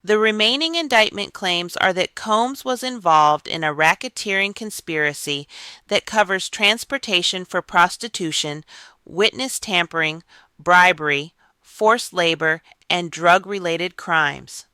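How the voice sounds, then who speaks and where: Bright, crisp scripted news narrator. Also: mid-range voice, no room sound. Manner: even, measured reading of court reports.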